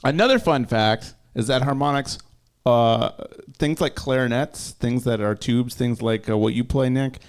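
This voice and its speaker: A man's voice: mid-range voice, a little slow, clear, resonant tone. A man co-hosting a casual livestream chat, explaining music theory, reading out chat comments and laughing often. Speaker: co-host.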